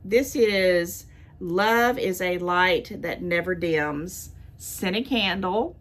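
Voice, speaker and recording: A woman's voice: mid-range voice, slow pace, fairly bright tone, a little hiss or hum. An older woman and grandmother, vlogging as she opens gifts and chats, gushing and thankful, repeating her thanks and going close to tears. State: near tears. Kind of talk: casual chatty unboxing.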